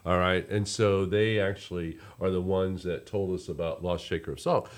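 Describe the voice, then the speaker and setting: A man's voice: deep voice, fairly even intonation, normal speed. A man, a resort representative chatting casually in an interview, rambling with many restarts.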